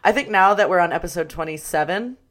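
A woman co-hosting a podcast in casual chat, animated and swearing freely. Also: fairly low pitch, quick pace. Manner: animated, swears freely, reads quotes aloud. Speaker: podcast co-host.

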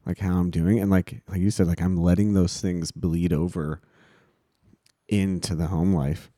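A man's voice: low voice, steady tone, moderate pace, dark tone, no echo, clean studio sound. A man co-hosting a faith podcast, chatting in a laid-back, conversational way. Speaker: podcast co-host. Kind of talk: casual faith talk.

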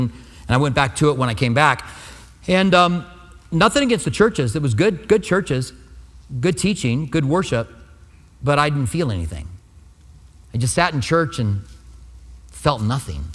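A man's voice: medium pitch, fairly bright tone. A man preaching a sermon as pastor, telling a personal testimony in an earnest, conversational way. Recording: long hall reverb.

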